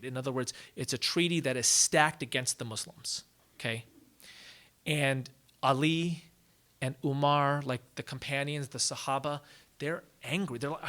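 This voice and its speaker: A man from the United States, a guest lecturer, gives a public college lecture, telling a story in a casual, animated way full of "like" asides. His voice is mid-range and his pace moderate.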